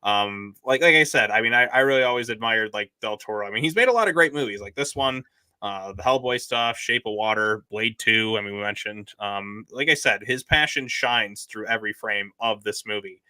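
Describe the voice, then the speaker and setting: A man co-hosting a casual movie review chat, with a bright, forceful tone. He rambles and fills every pause with "like" and "um", recorded close and dry with no room sound. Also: on the low side, clear, resonant tone, no room sound. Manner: rambling, lots of "like" and "um". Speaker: podcast co-host.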